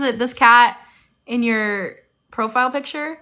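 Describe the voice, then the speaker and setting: A young woman with a bright, forward voice chats casually on a livestream, bubbly and quick to react to viewers' comments. She talks into a phone propped on a tripod in a motel room. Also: mid-range voice. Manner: chatty, bubbly, reads and answers viewer comments. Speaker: livestream host.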